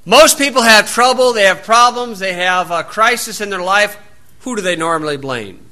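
Man, sermon, high voice, bright tone, sarcastic folksy asides. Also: expressive, moderate pace. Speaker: preacher. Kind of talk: sermon, Bible reading with commentary.

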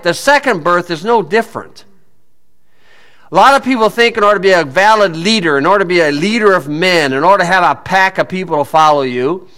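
High, bright-voiced folksy male preacher. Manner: folksy, plain-spoken, asks rhetorical questions. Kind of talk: sermon.

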